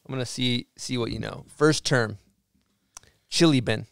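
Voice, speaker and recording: A man's voice: medium pitch, moderate pace, gravelly, smooth. A man hosting a podcast who quizzes his guest playfully and reads out terms one by one. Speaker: podcast host. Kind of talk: casual podcast chat.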